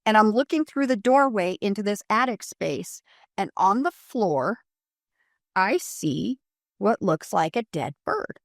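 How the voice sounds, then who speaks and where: A middle-aged woman from Colorado telling a paranormal investigation story in a casual interview, animated and full of fillers, acting out quotes. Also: mid-range voice, measured pace, dry recording, studio quality.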